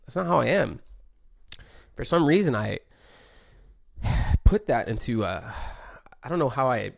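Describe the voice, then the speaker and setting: A man's voice: medium pitch, sing-song, measured pace, creaky, no room sound, studio quality. A man talking casually and reflectively, full of laid-back surfer slang and fillers. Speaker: pro surfer podcaster.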